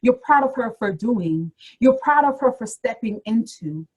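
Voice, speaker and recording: A woman's voice: on the high side, animated, normal speed, darkish tone, husky, low-quality recording. A woman career coach giving a motivational webinar talk, encouraging and addressing her listeners directly with repeated phrases.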